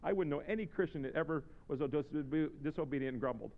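A man preaching a sermon as pastor, swinging from low, joking asides to shouted exhortations in plain-spoken language. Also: fast talker, gravelly. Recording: reverberant, slightly dull hall recording.

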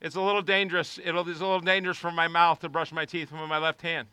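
A male pastor preaching with a high, bright, clear voice. He swings between hushed prayer and shouted appeals. The sound is dry and close, with no room echo. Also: level tone, fast. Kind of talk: sermon.

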